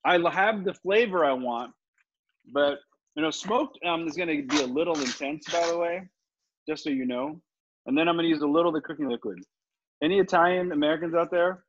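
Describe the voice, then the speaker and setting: A man's voice: fairly high pitch, fairly quick. A man teaching a live online cooking class, chatty and confident, explaining each step as he cooks and answering questions. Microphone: video call. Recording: slightly dull video-call audio with faint noise.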